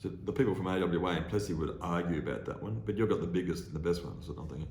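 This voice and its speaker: A man's voice: deep voice, racing, echoey room, a little hiss or hum. An older Australian man, a podcast guest, telling stories casually and acting out the people in them. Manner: animated storyteller, acts out voices. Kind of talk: casual storytelling.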